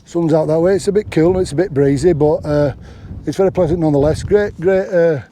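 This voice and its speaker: A man's voice: on the high side, brisk, mellow, slight background noise. A middle-aged man, chatting casually and rambling through a hiking vlog from open moorland, speaking into a clip-on mic. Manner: rambling and chatty, many restarts and fillers. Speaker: hiking vlogger. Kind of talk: casual outdoor vlog chat. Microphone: clip-on microphone.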